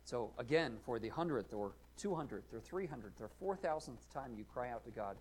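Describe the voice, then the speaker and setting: A man preaching a sermon, earnest and questioning, rising and falling in loudness to stress his points. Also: mid-range voice, expressive, moderate pace, hardly any pauses, a little hiss or hum. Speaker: pastor.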